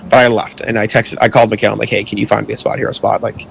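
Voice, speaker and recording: A man's voice: fairly low pitch, flat delivery, racing, creaky, fairly bright tone, slight background noise. A young man co-hosting a podcast, telling a long story in a rambling, casual way with lots of "like" and some swearing. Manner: rambling, heavy use of filler "like", swears when annoyed. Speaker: podcast co-host.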